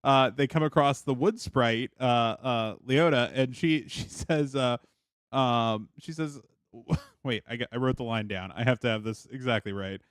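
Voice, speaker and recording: A man's voice: medium pitch, unhurried, no room sound, studio quality. A man as a guest on a casual podcast, joking and laughing through his points.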